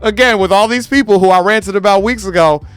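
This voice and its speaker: A man's voice: high-pitched, a little fast, a bit bright, clear, resonant tone, no echo, faint music behind. A man hosting his own show, ranting animatedly to camera in a profane, comedic way and slipping into mocking voices. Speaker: show host.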